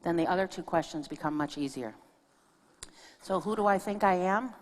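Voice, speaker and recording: A woman's voice: on the low side, normal speed. A woman minister giving a sermon in a church, telling stories in a conversational way and speaking with her audience. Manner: conversational storytelling with audience asides. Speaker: guest minister. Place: church sanctuary. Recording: long reverb of a church hall.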